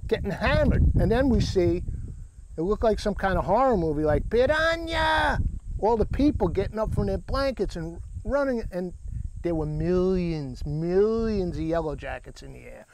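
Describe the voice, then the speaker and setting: A middle-aged man from Long Island hosting a cooking vlog, telling a rambling, animated story in a casual chat. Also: sits high, moderate pace, a little hiss or hum.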